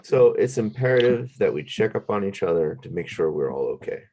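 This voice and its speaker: A man speaks on a casual podcast in an earnest, reflective way, laying out his point piece by piece. His voice is on the low side and mellow in tone. His intonation rises and falls with lively swings. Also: fairly quick, slight background noise. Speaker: podcast co-host. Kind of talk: casual chat.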